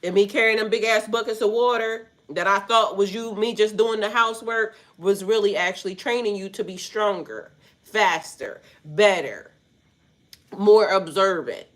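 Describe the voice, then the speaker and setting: A woman with a stuffy nose talks casually to her viewers about spiritual matters. She rambles in loose slang and swears as she goes, with a middle pitch. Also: moderate pace. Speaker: spiritual life coach.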